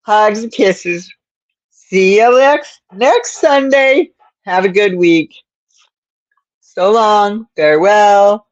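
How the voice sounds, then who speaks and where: A woman's voice: medium pitch, drawn-out words, no echo, highs cut off. A woman hosting a casual livestream, rambling to her viewers and her cat, with a stuffed-up nose and sleepy yawns. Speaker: livestream host.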